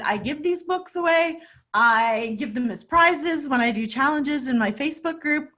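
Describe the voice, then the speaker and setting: A woman's voice: a little high, fairly bright tone. A woman hosting a casual interview over a video call, chatty and supportive, with lots of fillers. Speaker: interview host.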